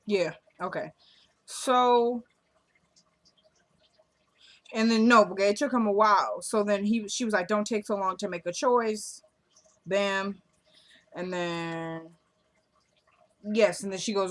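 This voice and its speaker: A woman's voice: mid-range voice, fairly even intonation, unhurried, long pauses. Woman chatting thru a tv recap, doing the characters' lines, mid-range voice. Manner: chatty, acts out quotes of the characters. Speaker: TV show recapper. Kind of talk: casual episode recap.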